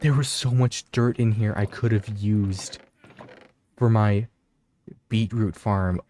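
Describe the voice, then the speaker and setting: A young man talks through his gameplay in a relaxed, chatty way, with a voice sitting a little low. He trails off and restarts often, and gets excited whenever he notices something. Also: unhurried, no room sound. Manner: rambling, self-interrupting, easily excited. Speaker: gaming video creator. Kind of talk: casual gameplay commentary.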